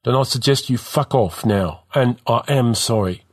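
A man's voice: mid-range voice, moderate pace, natural voice. A man voicing a blunt young male crew leader who talks in street slang.

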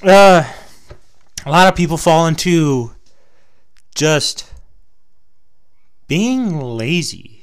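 A man's voice: on the high side, expressive, drawn-out words, pauses often, clear, resonant tone. A young man from Texas with a Texas twang, chatting to his viewers in a loose, rambling, profane way. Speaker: vlogger. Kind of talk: casual rambling chat to camera.

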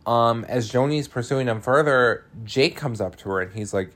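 A man's voice: mid-range voice, a little slow. A man casually recapping a film, chatty and laughing, swearing freely with many "um"s.

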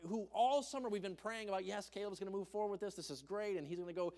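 A young man preaching a sermon as pastor, telling a personal story and acting out quoted voices, dropping soft and low for tender points. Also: fast. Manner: storytelling, acts out quoted voices with big pitch jumps.

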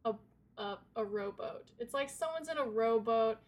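A woman's voice: fairly high pitch, animated, normal speed. Giggly young woman rambling in casual chat. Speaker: podcast co-host.

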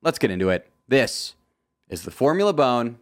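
A man's voice: medium pitch, very animated, normal speed, dry recording, studio quality. A man hosting a solo motorsport podcast, reading from a script with jokey, self-deprecating asides. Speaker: podcast host.

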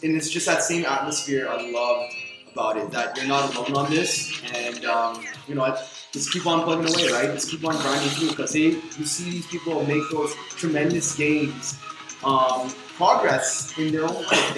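A man hosting a casual podcast, upbeat and keeps calling out to his listeners. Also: a little high. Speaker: podcast host. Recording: roomy room with loud music behind.

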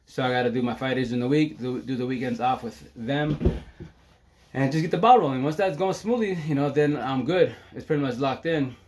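A man's voice: mid-range voice, a little fast, a little mellow, slight background noise. Rambling, emotional middle-aged man. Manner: rambling, emotional, swears freely, laughs often. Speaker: live-stream host. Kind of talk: casual personal live-stream talk.

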